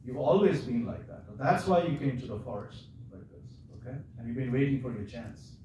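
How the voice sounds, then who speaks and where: A man's voice: medium pitch, lively intonation, a little fast, warm tone, natural voice. Bitter accusing queen, quoted by a male lecturer, heard from a distance, with noise underneath. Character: angry accusing queen, a woman in her prime. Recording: echoey hall, far from the mic, audible noise.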